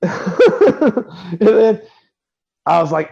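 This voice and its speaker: A man's voice: high-pitched, very animated, slow pace, vocal fry, pauses often, warm tone, muffled recording. A man co-hosting a podcast, telling a long profane anecdote in casual chat and laughing as he quotes the people in it. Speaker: podcast co-host.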